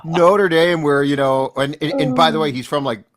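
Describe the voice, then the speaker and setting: A man guesting on a sports radio talk show, telling a story with animated, mocking asides. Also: on the high side, normal speed, a loud crowd. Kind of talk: casual talk show banter.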